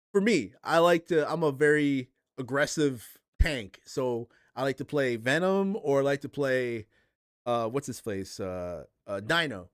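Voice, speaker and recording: A man hosting a livestream, ranting casually and profanely, with rambling restarts. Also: mid-range voice. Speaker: streamer and podcast host.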